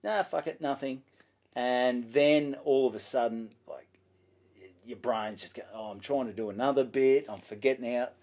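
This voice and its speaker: A man's voice: mid-range voice, moderate pace, gravelly, a little mellow. A man with an Australian accent, a stand-up comedian, telling a story in casual chat, swearing freely and acting out both sides of each exchange.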